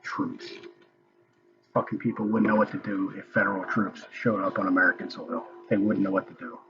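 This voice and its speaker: A man's voice: sits low, steady tone, normal speed, highs cut off, music in the background. A man ranting casually and angrily about a hearing he is watching, swearing often. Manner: profane, angry ranting. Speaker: political commentator. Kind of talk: casual recorded commentary.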